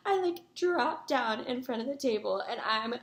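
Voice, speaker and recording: Young woman vlogger, casual and chatty, excitable storyteller, echoey room sound. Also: a little high, moderate pace. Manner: rambling, excitable, fillers like "like" and "guys".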